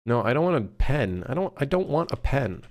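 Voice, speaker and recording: A man streaming his game development, muttering and swearing at the software as he works. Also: medium pitch, big pitch swings, fairly quick. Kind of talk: casual live-stream commentary while working.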